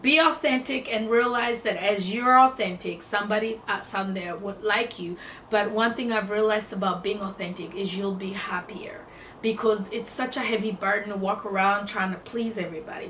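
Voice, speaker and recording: A woman giving casual self-development advice to camera, lively, acting out what other people say and laughing often. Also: mid-range voice, moderate pace, a little hiss or hum. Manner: animated, acts out quotes in voices, laughs often. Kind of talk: casual motivational talk to camera. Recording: echoey room, voice a bit off-mic.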